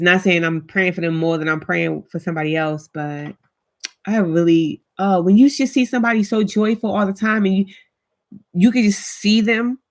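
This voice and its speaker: A woman's voice: on the low side, gravelly. A woman hosting a casual live-stream chat, talking straight to her viewers in a heartfelt, chatty way with African American Vernacular English speech.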